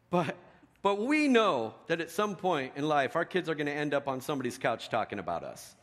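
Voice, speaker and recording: A middle-aged man preaching a sermon in a conversational storytelling way, dropping to a hush and rising to loud emphasis. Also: on the high side, very animated, normal speed. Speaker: pastor.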